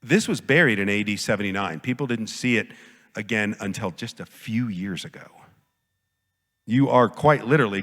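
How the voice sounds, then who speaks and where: A man giving a conference lecture as a professor, lively and jokey, often acting out quoted voices. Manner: animated, jokey, acts out quotes with big pitch jumps. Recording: long hall reverb.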